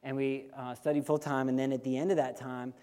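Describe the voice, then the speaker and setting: A male missionary sharing a lively personal story with a congregation and getting listeners to repeat phrases after him. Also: medium pitch, brisk. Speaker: missionary speaker. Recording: long hall reverb.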